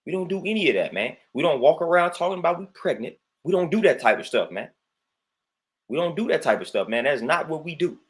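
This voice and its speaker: A man's voice: on the high side, sing-song, fairly quick. A man hosting his own livestream, ranting emphatically and repetitively, saying "man" constantly and greeting viewers between points. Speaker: livestream host. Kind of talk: livestream rant.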